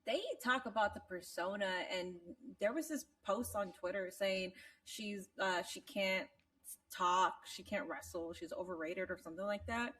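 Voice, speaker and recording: A woman co-hosting a casual podcast chat, animated and swearing freely, laughing often. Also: mid-range voice, moderate pace, recorded from a distance. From Latina. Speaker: podcast co-host.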